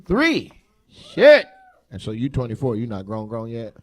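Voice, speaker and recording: A man's voice: mid-range voice, huge pitch swings, unhurried. A male stand-up comedian doing crowd work on stage, brash, profane and teasing. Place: large comedy venue on stage.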